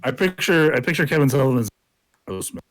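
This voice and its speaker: A man's voice: medium pitch, animated, quick pace, poor audio. A man co-hosting a podcast in casual chat, chiming in with short remarks and questions.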